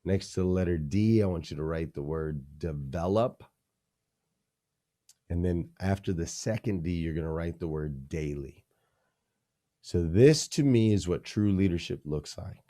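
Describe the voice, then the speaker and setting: Deep-voiced, energetic male leadership coach. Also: measured pace. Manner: energetic, emphatic teaching with punchy repeated phrases. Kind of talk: podcast interview.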